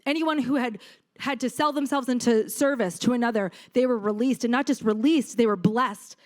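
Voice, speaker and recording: Woman preacher, high-pitched, earnest teaching sermon with scripture readings. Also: moderate pace.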